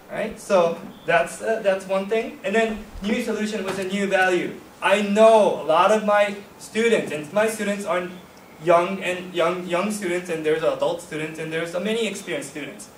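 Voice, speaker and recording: A man's voice: high-pitched, normal speed, distant mic, slight background noise. Man lecturing in an echoey hall. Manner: casual, many fillers and checks like "okay?". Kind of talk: workshop lecture.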